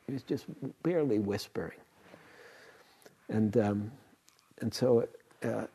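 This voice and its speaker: Speaking slowly with long pauses, an older male meditation teacher tells meandering stories in a dharma talk, breaking off to restart and chuckling gently. The voice is on the low side with a breathy edge.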